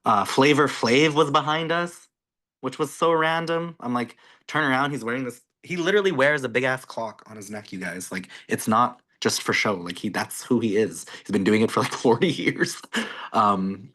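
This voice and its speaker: A Canadian man, a content creator speaking as a guest, chatting casually and excitedly on a video call, full of "like" and "you guys". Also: medium pitch, moderate pace.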